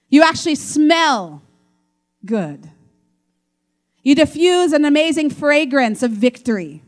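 A woman pastor preaching a sermon in an animated way, acting out quoted voices. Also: high voice.

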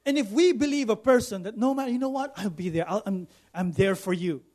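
Man, high voice, preaching, emphatic repetition, calls for amen. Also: brisk, a little mellow. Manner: asks the congregation for responses. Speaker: pastor. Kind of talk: sermon.

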